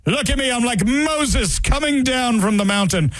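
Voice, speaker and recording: A man's voice: extremely high pitch, expressive, moderate pace, dry recording, voice pushed up. A man doing a mocking impression of a smug young woman protester who keeps demanding to be looked at. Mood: mocking, shouty. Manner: mocking, shouty, showing off. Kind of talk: mocking impression in a talk show.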